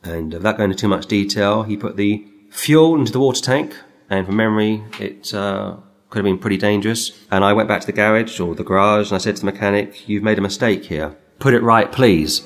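Emphatic low-voiced preacher. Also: male voice, a little fast. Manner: emphatic, rises sharply when reading scripture. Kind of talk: sermon with Bible reading.

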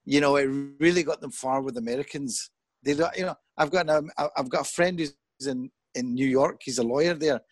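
A middle-aged man talking in an earnest, thoughtful way as an interview guest. He grows animated when he quotes other people. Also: fairly high pitch, fairly quick, no echo. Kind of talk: reflective conversation.

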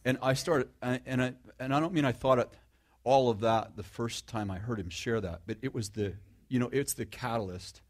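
In this conversational sermon, a middle-aged man preaches casually, poking sarcastic fun at himself, restarting sentences frequently and questioning his listeners. His voice is mid-range, his speed normal, and he barely pauses.

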